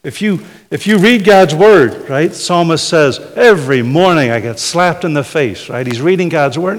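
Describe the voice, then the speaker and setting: A man's voice: fairly high pitch, animated, moderate pace. A man preaching a conversational sermon, often tagging his points with "right?". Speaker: pastor. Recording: hall reverb.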